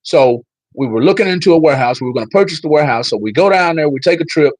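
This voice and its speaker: A man's voice: fairly high pitch, lively intonation, fast, no echo, low-quality recording. A man hosting a casual livestream, talking straight to his viewers and telling a story. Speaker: livestream host.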